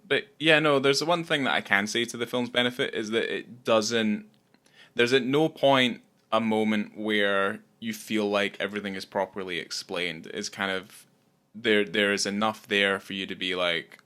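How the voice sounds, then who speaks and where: A man's voice: lowish voice, a little slow, sharp tone, smooth. A man co-hosting a podcast, talking casually and rambling about a film, swearing often. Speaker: podcast co-host.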